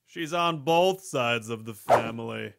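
A narrator reading joke after joke in an over-the-top animated comedy delivery. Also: medium pitch, a little slow, gravelly.

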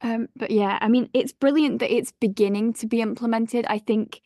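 A woman's voice: on the high side, fairly even intonation, normal speed, warm tone, no room sound, clean studio sound. A woman hosting a podcast interview. She is effusive and encouraging toward her guest. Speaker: podcast host. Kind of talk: casual interview.

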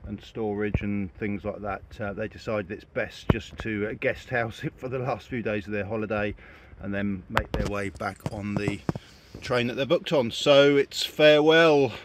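Man, lowish voice, playful mock-grand tone, casual vlog talk. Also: fairly even intonation, normal speed, noisy background. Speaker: vlogger.

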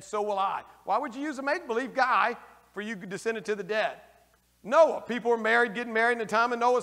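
A male priest giving a lively, folksy homily, taking questions from the congregation and acting out the figures in raised voices. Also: high voice, long reverb tail. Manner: folksy, slangy asides. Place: church.

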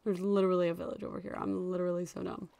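An excitable young woman talking her way through a video game session at her desk mic. She chatters along with frequent squeals and laughs, and there is keyboard typing behind her. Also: fairly low pitch, rapid-fire, vocal fry, slight background noise. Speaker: gaming YouTuber. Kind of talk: casual gameplay commentary.

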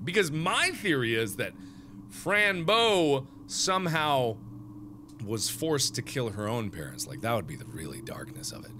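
A man giving animated, joking let's play commentary, thinking aloud as he plays. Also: mid-range voice, measured pace, noisy background. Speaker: gaming video host.

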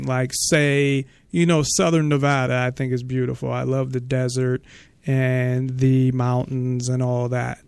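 A man hosting a talk radio show, chatting casually and arguing his point deliberately, step by step. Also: mid-range voice, monotone, vocal fry, darkish tone, clean tone, no echo. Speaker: host.

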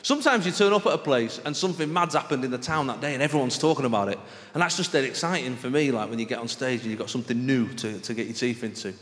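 Performing stand-up before a live theatre audience, a northern English man talks fast in a medium, slightly bright voice. His chatty, conversational routine is sprinkled with frequent "right?" asides, and the recording captures the room's echo along with the crowd.

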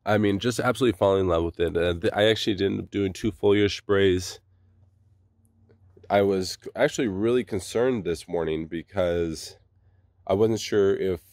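A low-voiced man with a gravelly, slightly congested tone hosts a casual garden vlog. He rambles enthusiastically, restarting his sentences often. The sound is close and dry. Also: darkish tone, no room sound. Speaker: gardening channel host.

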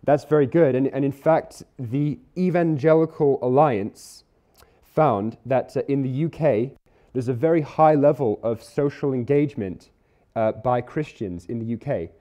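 Earnest man preaching, mellow voice. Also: mid-range voice, muffled recording. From Isle of Man or UK. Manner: earnest, conversational, slows to stress key words. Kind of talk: sermon. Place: church hall.

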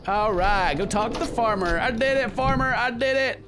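A young man giving goofy let's-play commentary, yelling and joking at the game. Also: very high-pitched, moderate pace, music in the background. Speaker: gaming commentator.

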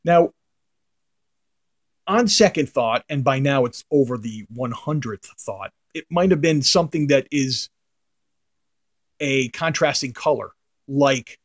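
Chatty, rambling middle-aged man telling a story. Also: medium pitch. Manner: chatty, rambling storyteller, drops to mutters at phrase ends. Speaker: comic art collector. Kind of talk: casual anecdote for camera.

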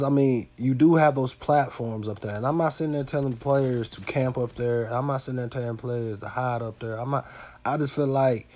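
A man talks over his own match in a stuffed-up, nasal voice, sounding like he has a cold. His commentary is relaxed and meandering, full of fillers and restarts, with the odd curse thrown in. His pitch sits in a middling range. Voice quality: nasal and congested. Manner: rambling, loose, many fillers and repeats, some swearing. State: under the weather. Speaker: gaming channel host. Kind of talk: casual gameplay commentary.

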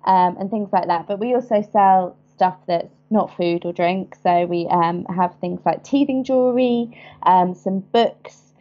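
A woman in her thirties with a southern English accent, chatting as an interview guest and often pausing with ums. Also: medium pitch, dull audio. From England. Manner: chatty, hesitant with many ums. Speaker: guest, business founder. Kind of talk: casual interview.

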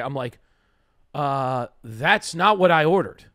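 A man's voice: medium pitch, lively intonation, takes it slowly, sharp tone, dry recording, clean studio sound. A man co-hosting a comedy podcast, telling a rambling story full of fillers and acting out the lines he quotes.

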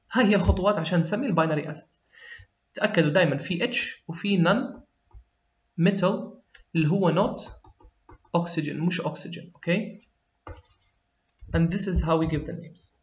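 A man teaching a chemistry lesson, switching between English and Arabic, explaining step by step and often checking in with "okay?". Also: sits high. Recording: roomy, slightly dull lo-fi sound.

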